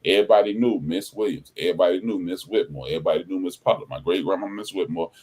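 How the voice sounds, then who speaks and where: A man hosting a podcast in casual chat, telling stories in an animated way and acting out the people he quotes. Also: sits low, fast. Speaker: podcast host.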